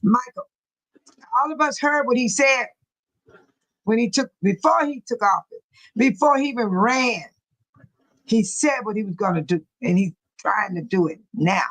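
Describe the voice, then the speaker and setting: Woman doing a casual livestream, aave, reads comments out and says exactly what she thinks, kinda high voice. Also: normal speed, pauses often, a bit bright, low-quality recording. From Illinois. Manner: outspoken, reads chat aloud and reacts with blunt opinions. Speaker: livestream host reading viewer comments.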